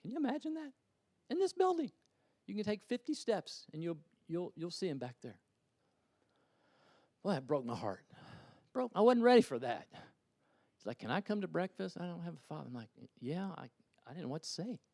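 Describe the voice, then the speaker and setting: A middle-aged pastor preaching in a church with a slightly raised voice. He rises into loud, urgent appeals and drops into hushed, casual anecdotes. The sound is close and dry, with little room echo. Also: high-pitched, huge pitch swings, moderate pace, long pauses. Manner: impassioned, swings from loud urging to quiet storytelling. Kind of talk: sermon. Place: church sanctuary.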